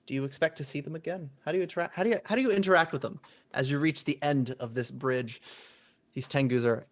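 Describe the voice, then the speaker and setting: Man, game master, tabletop narration, relaxed, questioning players. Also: fairly high pitch, quick pace, dry recording.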